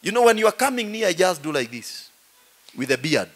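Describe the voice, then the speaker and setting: A middle-aged man with a Kenyan accent, a pastor preaching in a joking, animated way and saying "you know" often. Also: sits high, brisk. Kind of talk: humorous sermon.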